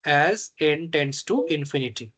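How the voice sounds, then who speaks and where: A man teaching a reinforcement learning tutorial, slow and halting, often pausing to check that students follow. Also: a little high, animated, fairly bright tone, husky. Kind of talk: online math tutorial.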